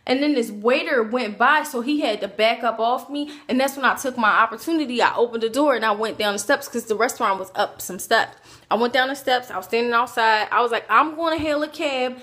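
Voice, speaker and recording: A woman telling a personal story to her camera in a casual, animated way, acting out what people said. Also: fairly high pitch, a little fast. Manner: animated, acts out quoted voices, chatty asides. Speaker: vlogger.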